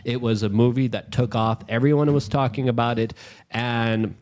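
A man co-hosting a casual podcast chat, swearing freely and getting loud and animated when excited. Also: mid-range voice, normal speed. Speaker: podcast co-host.

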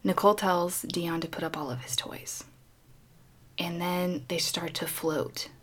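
A woman retelling a film plot in casual chat, animated and acting out the characters. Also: fairly low pitch, a little slow, slightly rough. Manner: animated storytelling, acting out voices.

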